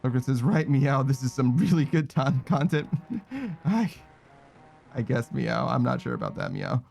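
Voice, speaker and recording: A man's voice: expressive, measured pace, gravelly, a little mellow, soft background music. Man streaming a game, meowing between curses. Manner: swearing, saying meow after phrases, reading chat aloud; frustrated outbursts in a raised, higher voice. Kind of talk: casual gaming stream commentary.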